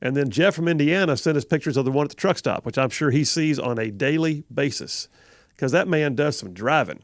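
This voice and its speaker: Gravelly Southern radio host, laughing easily. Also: male voice, a little high, animated, brisk, dry recording, clean studio sound. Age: middle-aged. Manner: rambling, chuckling, self-correcting. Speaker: radio talk show host. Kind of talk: casual live call-in radio chat. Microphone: studio microphone.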